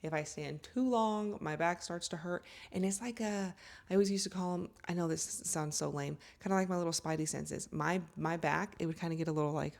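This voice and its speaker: Woman vlogger, thirties, lower voice, animated, self-mocking storyteller. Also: fairly quick, creaky. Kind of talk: casual storytelling to camera.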